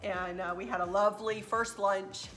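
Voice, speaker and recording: A woman's voice: mid-range voice, fairly even intonation, normal speed, fairly bright tone, soft background music. A woman hosting a casual travel recap vlog, a chatty, rambling storyteller who gets emotional as she talks. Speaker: craft channel host.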